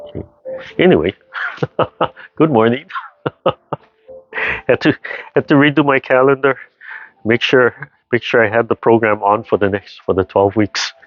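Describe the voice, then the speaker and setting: A man with a fairly low voice guides a tai chi class over a video call, calm and unhurried. He often repeats phrases and checks in with "right?" as he talks. The sound is dull and lo-fi. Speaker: tai chi and qigong instructor.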